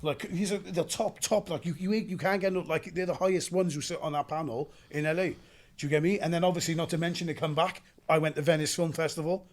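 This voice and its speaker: A young adult Welsh man, an actor telling animated stories in a casual interview and acting out gunfire with sound effects. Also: on the high side, fast talker. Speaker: actor guest.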